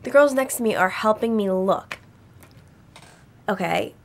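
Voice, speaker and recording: A woman's voice: mid-range voice, animated, a little slow, gravelly. A young adult woman vlogging from her dorm bedroom, telling a story in a chatty, rambling way full of "like". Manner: chatty, rambling, heavy use of "like". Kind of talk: casual storytime chat.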